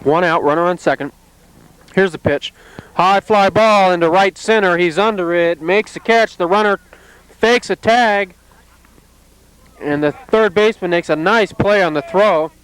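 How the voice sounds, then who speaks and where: A man calling play-by-play at an amateur softball game outdoors, in a calm, steady, plainly descriptive way. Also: sits high, unhurried, smooth, poor audio. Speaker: play-by-play announcer.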